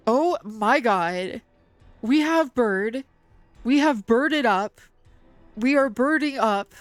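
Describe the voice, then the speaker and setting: A woman streaming a video game, talking to her chat, excitable and swearing often. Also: fairly high pitch, slow, no room sound, faint music behind. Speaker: VTuber streamer. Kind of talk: gaming livestream chat.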